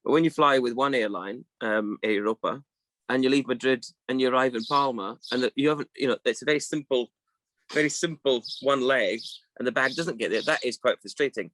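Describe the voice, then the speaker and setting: Man, middle-aged, co-host, casual chat, halting restarts, bright tone. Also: medium pitch, no echo, rough recording. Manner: hesitant, many restarts and fillers, thinking aloud. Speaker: co-host of a weekly aviation chat show.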